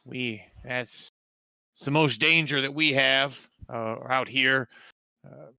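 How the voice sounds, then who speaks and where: A man voicing a cautious, hospitable male leader of a mining village, who speaks in halting phrases. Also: medium pitch, sharp tone, dry recording, heavily acted. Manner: hesitant, halting.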